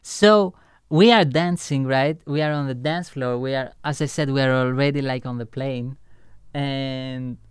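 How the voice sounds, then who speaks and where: A man's voice: medium pitch, unhurried, clean tone, soft background music. A young man telling a rambling, casual story as he reacts to his own song, loose and full of fillers and swearing.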